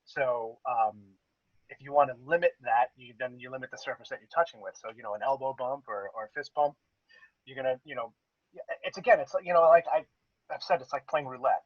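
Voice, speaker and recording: A man's voice: mid-range voice, fairly quick, dry recording, lo-fi sound. A man co-hosting a podcast, explaining things at length in casual chat with many restarts. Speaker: podcast co-host.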